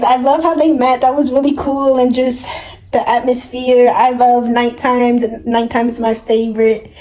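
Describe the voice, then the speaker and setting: A woman's voice: on the high side, dark tone, rough recording. A young woman chatting casually on camera in a reading vlog, gushing and exclaiming, humming along often. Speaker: book vlogger. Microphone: camera mic.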